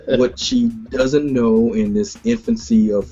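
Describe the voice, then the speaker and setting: Gravelly, lively-voiced man telling stories. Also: mid-range voice, measured pace, faint music behind. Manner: animated storyteller who laughs often. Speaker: podcast co-host. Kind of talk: casual sports chat. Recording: dull lo-fi podcast audio.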